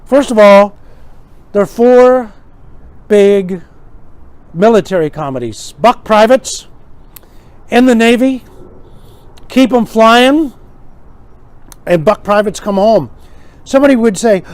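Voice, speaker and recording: A man's voice: high voice, very animated, slow, pauses often, a little mellow, no room sound. A man hosting a casual comedic monologue, wry and joking, acting out quoted gags. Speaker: host.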